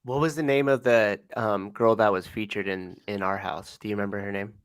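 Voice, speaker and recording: A man's voice: lowish voice, steady tone, a little fast, smooth, no room sound. A man co-hosting a podcast who talks in a reflective way, full of "like", and swears casually. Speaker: podcast co-host.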